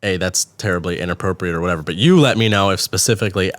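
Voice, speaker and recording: A man's voice: low-pitched, rapid-fire, dry recording. A man with a Philadelphia accent co-hosting a casual podcast, asking careful questions and adding caveats. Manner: chatty, asks probing questions, adds caveats. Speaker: podcast co-host. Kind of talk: casual chat.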